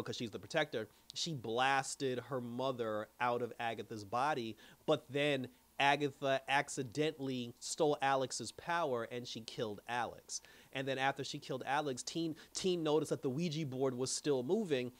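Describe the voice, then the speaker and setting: A man casually recapping a TV episode in an animated way, laughing often and acting out the characters' lines. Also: fairly high pitch. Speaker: TV episode reviewer.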